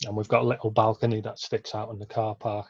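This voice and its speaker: A man's voice: lowish voice, flat delivery, fast talker, slightly rough, no echo, lo-fi sound. A man who works in a care home, talking in a hesitant way with many fillers. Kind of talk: casual interview.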